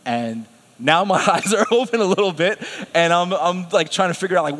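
A man preaching a sermon, telling a personal story with lively self-quotes and frequent laughs. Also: high-pitched, moderate pace. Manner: animated, laughs often, quotes himself. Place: church sanctuary. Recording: long hall reverb.

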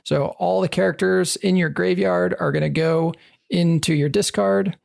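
Brief: gravelly-voiced player who walks through game rules step by step, um-ing along the way. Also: medium pitch, steady tone, normal speed, a little mellow. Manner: explains step by step with frequent fillers. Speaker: rules explainer. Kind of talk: casual rules explanation.

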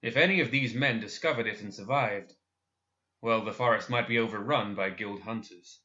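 A man narrating a dark fantasy story in a measured, expressive audiobook style. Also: fairly low pitch, muffled recording.

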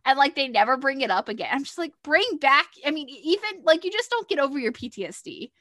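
A woman's voice: high voice, lively intonation, fast, fairly bright tone, no echo, studio quality. A woman co-hosting a casual podcast, chatting about a TV show with trailing asides. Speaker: podcast co-host.

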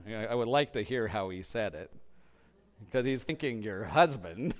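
A man preaching a sermon as pastor, swinging between loud emphatic bursts and hushed low asides. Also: lively intonation, normal speed. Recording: dull echoey hall.

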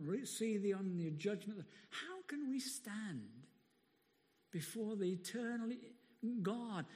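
A man preaching a sermon in a church, emphatic and animated, often breaking into laughs. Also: extremely high pitch. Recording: long reverb of a large hall.

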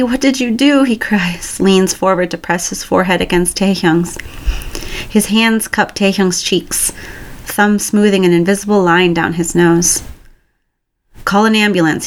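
A woman reading a romance story aloud in a calm, even storytelling voice. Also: lowish voice. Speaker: story reader. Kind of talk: reading fan fiction aloud.

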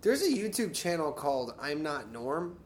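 A man co-hosts a casual podcast from a home garage, bantering, laughing often, and cracking self-deprecating jokes. His voice is on the high side and sing-song, at a moderate pace, with slight background noise.

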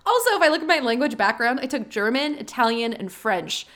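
A woman's voice: high-pitched, big pitch swings, a little fast, fairly bright tone. A woman co-hosting a podcast in casual chat who laughs often and makes earnest requests to listeners. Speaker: podcast co-host.

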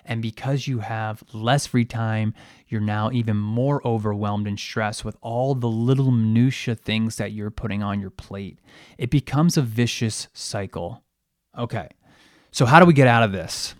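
A man's voice: fairly low pitch, a little slow, no echo, studio quality. A man hosting a podcast, a periodontist giving a conversational coaching monologue to dental teams, asking rhetorical questions and poking fun at himself.

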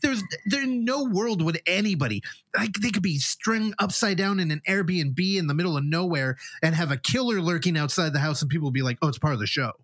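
A man's voice: high voice, brisk, hardly any pauses, dry recording, clean studio sound. A man co-hosting a podcast, chatting casually and telling long, rambling stories full of acted-out reactions. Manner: animated, rambling storytelling with quoted reactions. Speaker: podcast co-host. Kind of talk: casual chat.

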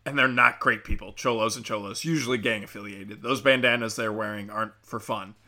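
Bright-voiced profane ranting man. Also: on the low side, fairly even intonation, brisk. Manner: profane, sarcastic, mocking. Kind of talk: ranting commentary.

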